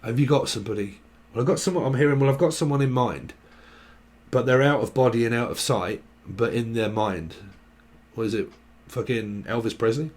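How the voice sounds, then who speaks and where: A man's voice: mid-range voice, expressive, normal speed, a little mellow. A man giving a casual, rambling tarot reading, full of slang and little acted-out chats. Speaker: tarot reader.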